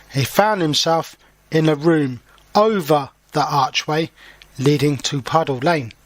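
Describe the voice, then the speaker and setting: A man's voice: a little high, no echo. A man reading a children's story aloud as an English teacher, stopping to explain words simply. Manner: slow and clear, pausing to explain words. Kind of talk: storybook read-aloud for learners.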